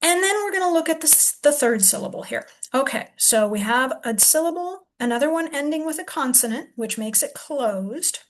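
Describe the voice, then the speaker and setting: A woman teacher walks through a word, thinking aloud and sounding out each syllable slowly. Her voice sits a little high. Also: lively intonation. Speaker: reading teacher. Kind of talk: demonstration lesson.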